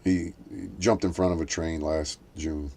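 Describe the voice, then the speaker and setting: Low, dark-voiced man telling a halting story. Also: little pitch movement, creaky, slightly rough. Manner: rambling, halting storytelling with many restarts; acts out quoted voices in a raised pitch. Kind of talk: casual chat.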